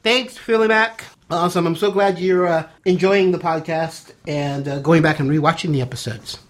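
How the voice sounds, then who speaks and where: A woman co-hosting a podcast in casual chat, reading listener messages and teasing her partner in a dry, relaxed way. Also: fairly low pitch, moderate pace. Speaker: podcast co-host.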